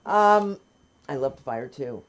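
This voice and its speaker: A woman hosting an open mic comedy night, chatty and teasing as she warms up the crowd and brings on the next act. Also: rumbling low, animated, slow, a little hiss or hum. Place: comedy club stage.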